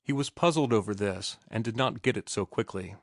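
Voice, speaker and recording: A man's voice: on the low side, fairly quick, no echo. Man reading a novel aloud, dry and close. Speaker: audiobook narrator. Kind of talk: scripted narration.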